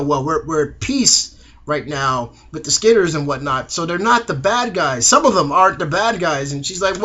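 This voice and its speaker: A man's voice: on the high side, sharp tone. A young man reviewing a TV episode in a casual, slangy way, acting out the characters' lines.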